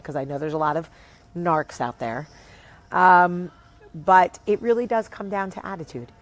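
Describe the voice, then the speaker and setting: A woman in her thirties or forties with a New Jersey accent, casually telling a story on her vlog, acting out the people she quotes. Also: on the low side. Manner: animated, acts out quotes, swears casually. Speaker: vlogger, show host.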